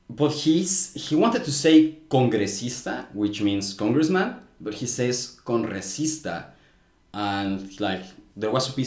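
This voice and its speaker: A man giving casual video commentary on clips, thinking aloud in a frank, critical way. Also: mid-range voice. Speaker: language commentator. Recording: roomy echo.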